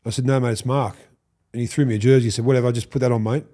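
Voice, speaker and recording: An Australian man in his fifties, a podcast guest, telling animated stories, swearing freely and acting out what others said. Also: medium pitch, racing. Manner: animated, swears, acts out quoted lines. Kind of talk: storytelling interview.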